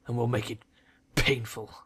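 A man doing a low, menacing shadowrunner. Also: monotone, normal speed, creaky, a bit bright, slightly rough, heavily acted. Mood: threatening.

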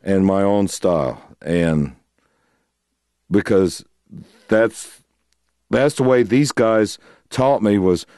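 A middle-aged man, a blues guitarist, telling a story in an interview, animated, laughing and acting out other people's voices. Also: on the low side, slow, pauses often, dry recording, clean studio sound.

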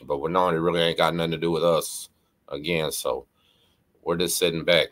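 A man's voice: extremely low pitch, level tone, a little fast, a bit bright. A middle-aged man, hosting and telling a story casually, often checking in with the listener. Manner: conversational, frequent "right?" and "you know what I mean" asides. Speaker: host.

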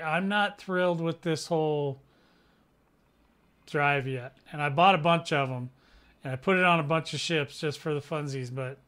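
A man's voice: fairly high pitch, a bit bright. A man hosting his own gaming channel, rambling through casual gameplay commentary with slang and jokes at his own expense. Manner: rambling, slangy, self-mocking.

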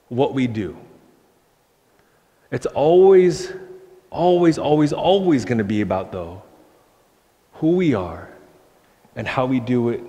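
A man's voice: fairly high pitch, normal speed, long pauses. Young man preaching with long hall reverb. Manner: animated preaching, acts out quoted voices. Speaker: pastor. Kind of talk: sermon. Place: church sanctuary.

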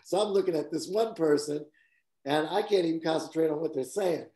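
A man speaking as a guest cinematographer, telling stories casually with a lively delivery, laughing often and acting out quotes. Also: fairly high pitch, fairly quick. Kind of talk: casual anecdotal storytelling.

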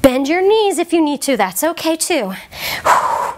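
A woman's voice: high-pitched, very animated, measured pace, noisy background. A woman fitness instructor coaching a workout while doing it herself, out of breath and encouraging, with short cues and puffs of breath between exercises.

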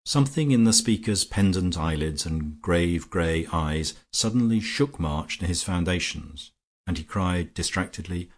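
Low-voiced husky male audiobook narrator. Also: moderate pace. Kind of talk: scripted narration.

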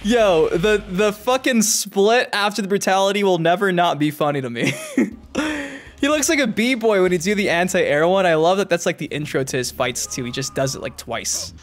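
High-voiced excitable gamer man. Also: moderate pace. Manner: excitable, swears, shouts and laughs at the game. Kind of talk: let's-play commentary.

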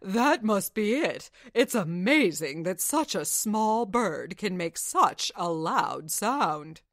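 A woman voicing a foolish, excitable young male lord who gushes loudly. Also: medium pitch, takes it slowly, no room sound, clean studio sound. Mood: excited. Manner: loud, excited, gushing.

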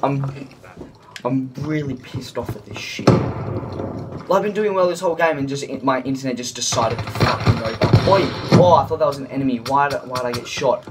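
A man's voice: mid-range voice, normal speed, heavy background noise. A man giving gameplay commentary while he plays, swearing constantly and ranting in frustration. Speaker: gamer. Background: game music and sound effects.

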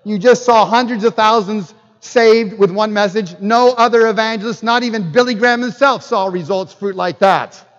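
Animated older man preaching in a hall. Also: moderate pace, few pauses. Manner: animated, swings from loud emphatic bursts to low asides. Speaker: guest pastor. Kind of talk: sermon. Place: church hall. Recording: dull sound in a reverberant hall.

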